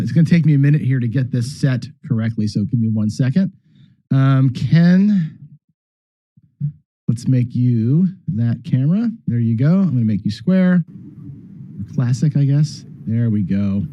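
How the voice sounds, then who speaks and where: A man hosting a live gambling charity stream, rambling casually and clearing his throat as he talks. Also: mid-range voice, no room sound. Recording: dull, dry lo-fi stream audio.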